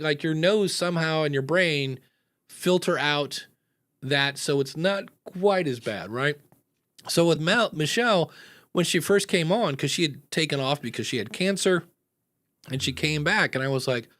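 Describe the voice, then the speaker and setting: A man's voice: a little high, normal speed, fairly bright tone. Chatty American man hosting a podcast. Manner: rambling, chatty, many fillers. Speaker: podcast host. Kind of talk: casual podcast chat.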